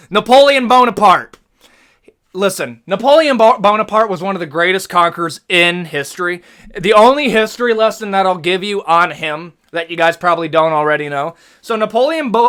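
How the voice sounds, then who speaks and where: Hosting a tier-list session, this young American speaks in a high voice with an American accent. His commentary is animated and full of slang, and he curses without holding back.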